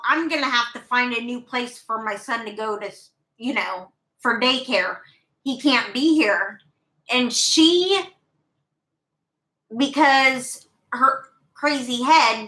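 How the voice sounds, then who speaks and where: Young woman vlogging, slow rambly storytelling, swears a lot, echoey room. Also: sits high, bright, forceful tone. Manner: candid, profane, rambling. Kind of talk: casual storytelling. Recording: roomy echo.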